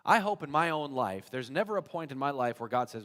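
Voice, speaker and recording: A man preaching a sermon as pastor, telling a story in an animated way. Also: mid-range voice, a little fast. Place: church sanctuary. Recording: church hall reverb.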